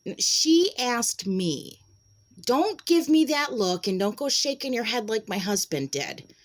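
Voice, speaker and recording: A woman's voice: fairly high pitch, sing-song, a little slow. A middle-aged woman telling a personal story to a handheld camera, chatty and retelling conversations. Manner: chatty, retells conversations and drops into whispered asides. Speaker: vlogger.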